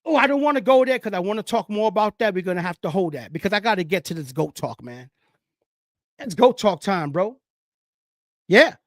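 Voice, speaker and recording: A man hosting his own football talk show, speaking casually and excitedly, preaching to viewers and whooping as he hypes his segments. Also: sits high, fairly quick, no echo, studio quality. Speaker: sports show host. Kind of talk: casual sports talk monologue.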